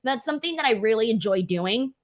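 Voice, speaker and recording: A young woman answers viewer questions in a relaxed vlog. Her voice sits a little high, and she talks in a chatty, animated way full of fillers. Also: brisk. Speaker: wrestling media host. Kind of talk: casual Q&A vlog.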